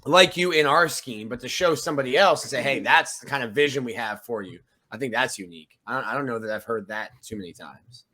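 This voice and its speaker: A man talks on a sports podcast as a reporter, with a bright, forceful voice. He lays out his thinking in a measured, analytical way. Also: mid-range voice. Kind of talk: casual sports podcast chat.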